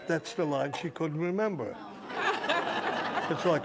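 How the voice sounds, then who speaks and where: An older man's voice, on the high side and animated, moves a little slowly with frequent pauses as he tells a rambling anecdote, laughing throughout. He's a guest speaker at a live cinema event, and the crowd's noise comes through.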